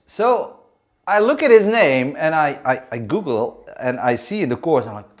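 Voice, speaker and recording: A man's voice: on the high side, animated, moderate pace. A man co-hosting a podcast, talking with enthusiasm and plenty of restarts. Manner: enthusiastic, with many fillers and restarts. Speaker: co-host.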